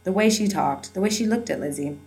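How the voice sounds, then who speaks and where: A woman's voice: medium pitch, expressive, fairly quick, darkish tone, low-quality recording. Wry woman narrating a novel. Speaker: audiobook narrator. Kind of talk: first-person novel narration.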